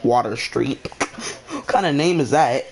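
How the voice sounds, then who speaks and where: Young male host, rambling and exasperated, mid-pitched, keeps asking why, casual storytelling. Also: animated, unhurried, a little mellow. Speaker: channel host.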